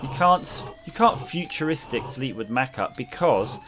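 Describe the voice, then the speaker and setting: This man streams retro games and chats casually with viewers as he plays, rambling and joking over a noisy background hum. His mid-range voice is expressive, and he keeps a measured pace.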